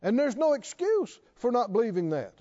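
High, lively-voiced preacher man. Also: normal speed, lo-fi sound. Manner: repeats questions to the congregation, rising emphatic calls. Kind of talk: sermon.

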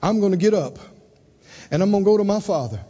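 Casting: emphatic man preaching, very high voice, echoing hall. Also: expressive, quick pace, warm tone. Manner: emphatic, call-and-response, dramatic swings in pitch and volume. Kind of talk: sermon. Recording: dull recording with long hall reverb.

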